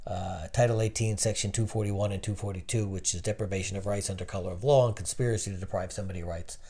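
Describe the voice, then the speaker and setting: Low, mellow-voiced man telling stories. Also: fairly even intonation, quick pace. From New Jersey, USA. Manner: storytelling, quizzes the interviewer with questions. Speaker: interview guest. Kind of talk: casual conversational interview.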